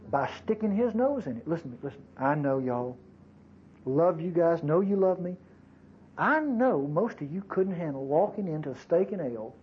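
A man's voice: a little high, muffled recording, a little hiss or hum. A man preaching a sermon to his congregation in a folksy, conversational way, with frequent asides to the listeners. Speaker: pastor.

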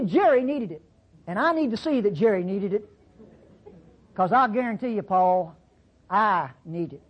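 A Bible teacher giving a folksy, conversational sermon-style lesson, acting out quotes with sudden pitch jumps. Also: breathy edge, lo-fi sound.

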